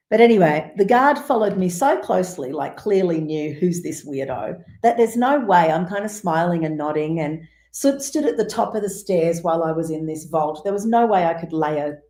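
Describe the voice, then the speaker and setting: A woman with a fairly low voice tells a story in a casual interview, animated and rambling, full of asides and quick turns. The sound is roomy with a noticeable echo. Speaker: guest musician.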